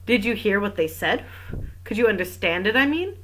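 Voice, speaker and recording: A woman reading the part of a male French magistrate who questions witnesses smoothly. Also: medium pitch, animated, normal speed, a bit bright. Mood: probing.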